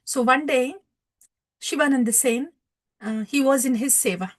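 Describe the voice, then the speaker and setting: A woman with a fairly high voice retells a devotional story to her listeners. She speaks with hesitations and fillers, in a relaxed lecture manner. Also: normal speed. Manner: hesitant, many fillers, warm laughs.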